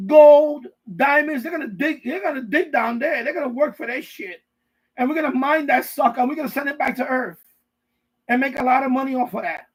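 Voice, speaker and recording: Man, high-pitched, husky, profane rambling rant, live stream host, basement. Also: low-quality recording. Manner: profane, repetitive, riffing with mock voices. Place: basement room.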